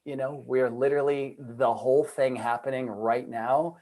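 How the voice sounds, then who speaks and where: A man, a guest on a video call, telling a personal story in a lively, casual way full of "like" and acted-out quotes. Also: medium pitch, moderate pace, rough recording. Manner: animated storyteller, acts out quoted voices, many "like" fillers. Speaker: guest, trauma and addiction coach. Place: home room at a computer.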